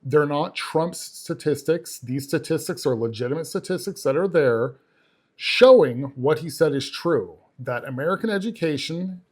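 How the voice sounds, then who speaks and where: A man runs his own commentary channel, reacting to clips with scorn and emphasis. His voice sits a bit high for a man. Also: darkish tone.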